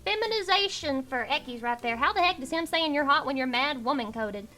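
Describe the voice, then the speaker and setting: A woman's voice: high-pitched, a little fast, sharp tone. A young woman streaming live, chatting with her viewers in a profane, teasing rant while underslept. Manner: profane, ranting, teasing chat. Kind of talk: casual livestream chat.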